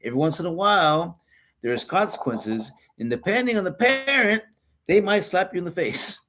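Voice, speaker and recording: A man's voice: high-pitched, lively intonation, normal speed, a bit bright. A man co-hosting a podcast, talking earnestly in casual chat and often repeating himself mid-sentence. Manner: earnest, repetitive, often restarts. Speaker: podcast co-host. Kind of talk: casual conversation.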